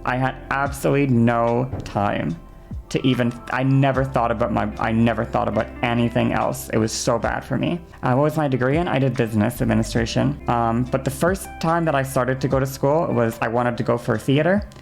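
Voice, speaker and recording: A young woman streamer with a gravelly, creaky edge to her voice. She rants heatedly, swears freely and keeps checking in with her audience. Faint music plays behind her. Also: a bass voice, fairly even intonation, a little fast, darkish tone. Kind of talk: casual stream chat.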